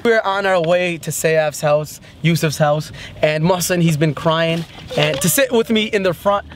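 A young man vlogging casually at a family party, joking and talking excitedly to the camera. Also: fairly high pitch, a little slow. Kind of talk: casual vlog chat. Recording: busy room with crowd noise. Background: crowd chatter.

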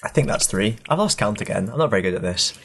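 A man's voice: on the low side, animated, fast talker, vocal fry, noisy background. A man co-hosting a casual let's play, joking and laughing a lot as he rambles. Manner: laughs often, rambling and jokey. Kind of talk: casual gaming commentary chat. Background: game music.

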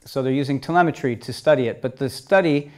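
A middle-aged man telling a story at a talk, lively, moving between loud and soft passages. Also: medium pitch, quick pace. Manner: lively storyteller, swings loud and soft, acts out quoted voices. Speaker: speaker telling stories at a talk.

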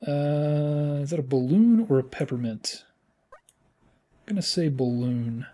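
A man gives casual, playful commentary while he plays a game, like the host of a gaming channel. His voice is mellow and warm, and it jumps into high squeals at the exciting moments. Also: slow. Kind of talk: casual let's-play commentary.

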